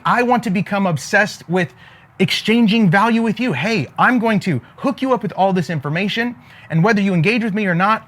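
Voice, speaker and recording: A man delivers a faith-flavored business pep talk to camera with the rhythm of a preacher. His voice sits high and moves a lot, rising and falling as he drives his points home and throws questions back at his listeners. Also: fairly bright tone. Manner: emphatic, preacher-like cadence with call-and-response asides. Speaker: faith-based business coach.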